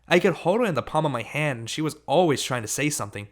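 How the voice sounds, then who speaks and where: A man reading an audiobook, narrating a story in steady first person. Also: on the high side, fast. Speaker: audiobook reader.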